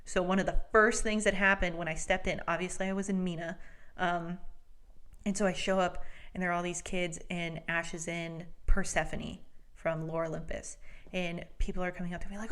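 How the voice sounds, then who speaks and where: A young woman in her twenties tells stories on a podcast in easygoing, animated chat. Her voice sits at an ordinary middle pitch, and she talks on with quick asides. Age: 20s. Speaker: podcast co-host. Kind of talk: casual chat.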